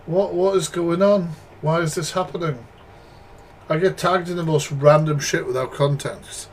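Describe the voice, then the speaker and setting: A British man hosting a live reaction stream, his voice sitting a little high for a man. He fires off blunt, sweary, exasperated asides to his chat. A faint hum of room ambience sits behind him. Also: fairly even intonation, moderate pace. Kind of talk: casual live commentary.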